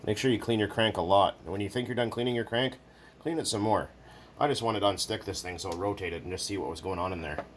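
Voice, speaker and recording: A very deep-voiced man talks loosely at his workbench, joking and rambling with the odd swear. A faint hum of background noise sits under his voice. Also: fast. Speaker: hobbyist video maker. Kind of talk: casual workshop chat.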